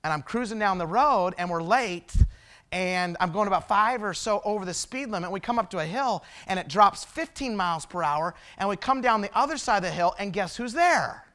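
A man's voice: high voice, expressive, moderate pace, sharp tone. A male traveling preacher giving a sermon, telling personal stories in a conversational way and asking the audience rhetorical questions.

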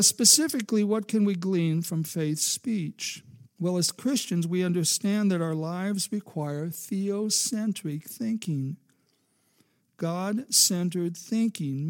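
High-pitched slow gravelly preacher man. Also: a little mellow. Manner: emphatic, rising to fervent crescendos; rhetorical questions to listeners. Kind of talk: sermon.

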